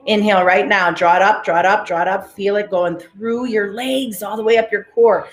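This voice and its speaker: A woman's voice: medium pitch, fairly even intonation, moderate pace, hardly any pauses. Woman, guided breathwork coach, commanding and upbeat, roomy room, faint music behind. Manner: motivational, commanding, repeats cues. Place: live-streamed session in a roomy space.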